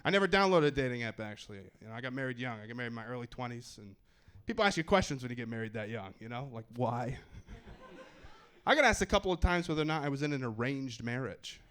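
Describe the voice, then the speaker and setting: A man's voice: mid-range voice, animated, fast talker, a bit bright, clean tone. A young man performing a stand-up comedy set in a wry, self-deprecating way on a club stage.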